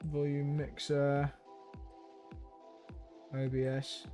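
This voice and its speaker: A man's voice: on the high side, completely flat delivery, very slow, dark tone, soft background music. A man chatting casually to his viewers while he drives in a racing simulator on a live stream, laughing easily as he talks.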